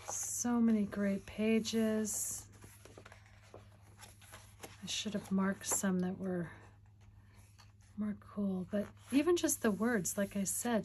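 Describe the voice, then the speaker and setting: A woman's voice: mid-range voice, darkish tone, slight background noise. A woman chatting casually in a crafting vlog, rambling and giggly while she shows off her finds. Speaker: crafting vlogger. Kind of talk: casual show-and-tell chat.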